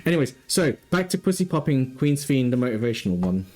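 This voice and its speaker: A man hosting a live stream, laughing often and getting excited and loud over donations. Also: medium pitch, fast talker, soft background music. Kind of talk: casual live-stream chat. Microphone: desk mic close up.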